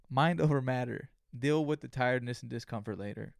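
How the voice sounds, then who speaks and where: In clean studio audio with no room sound, a young solo podcast host talks fairly quickly in a creaky, medium-pitched voice. He swears heavily while telling animated stories and voices his own thoughts aloud.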